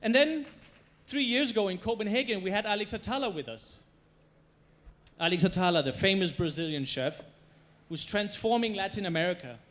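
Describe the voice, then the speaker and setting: Guy doing a stage talk, kinda high voice, tells stories with lots of punch and humor. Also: expressive, normal speed, a bit bright. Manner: storytelling, emphatic, playful. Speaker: chef giving a stage talk. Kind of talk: stage presentation. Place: stage before a live audience.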